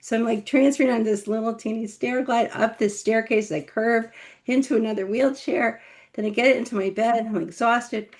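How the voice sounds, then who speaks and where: A middle-aged woman with one paralyzed vocal cord, a memoir author telling her life story in an interview, animated and laughing. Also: on the high side, normal speed. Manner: animated, laughing, acts out quoted voices.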